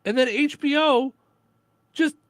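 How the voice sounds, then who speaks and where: A man hosting a radio show in casual chat, relaxed and full of fillers. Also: very high-pitched, slow pace, no room sound. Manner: relaxed, chatty, lots of fillers.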